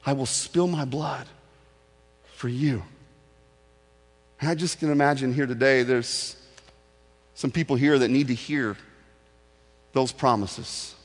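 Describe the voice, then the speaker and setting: A man preaching a sermon as pastor in a church, with an impassioned, repetitive cadence. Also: medium pitch. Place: church sanctuary. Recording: echoey hall with faint music.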